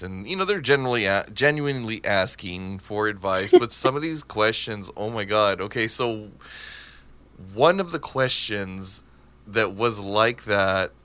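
A man's voice: on the low side, fairly bright tone, smooth. A man hosting a casual podcast chat, rambling and laughing often. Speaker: podcast host.

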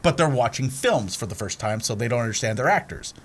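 A man co-hosting a casual podcast chat about old comedy films, retelling scenes in an animated way. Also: medium pitch, fast talker. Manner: animated storyteller, acts out scenes. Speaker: podcast co-host.

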